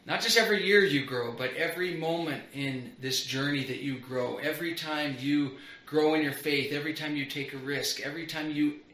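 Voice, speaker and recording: A man's voice: a little high, steady tone, moderate pace, hardly any pauses, a bit bright. A middle-aged man preaching a sermon as pastor, earnest and building on repeated phrases. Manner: earnest, repetitive build-ups. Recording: roomy echo.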